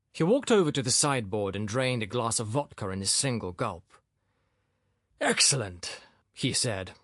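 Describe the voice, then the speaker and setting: A man reading a novel aloud as an audiobook narrator, in expressive, measured storytelling. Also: fairly low pitch, no room sound, studio quality. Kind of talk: scripted narration.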